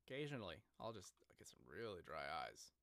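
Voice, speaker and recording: A man's voice: fairly low pitch, big pitch swings, fairly quick, gravelly, a bit bright, no room sound. A man chatting casually on a live stream, rambling and joking at his own expense. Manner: joking, rambling, self-deprecating.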